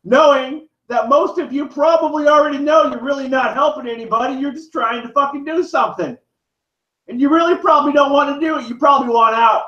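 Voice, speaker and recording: A man's voice: extremely high pitch, brisk, pushed and bright. A man vlogger in pain, delivering a heated, profane, rambling rant to the camera. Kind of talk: angry direct-to-camera rant. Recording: echoey room, dull lo-fi sound.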